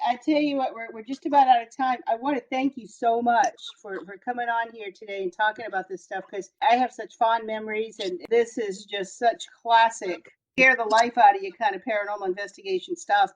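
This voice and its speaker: A woman hosting a casual chat, talking loosely and trailing off with fillers. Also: mid-range voice. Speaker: host. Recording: dull lo-fi audio.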